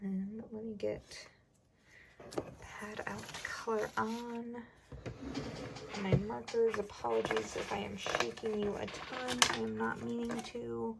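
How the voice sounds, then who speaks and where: A young woman chatting casually while budgeting for her vlog, often dropping into a soft whisper. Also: fairly high pitch, expressive, slow, gravelly, background noise. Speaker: budgeting vlogger. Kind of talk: casual cash-stuffing vlog narration.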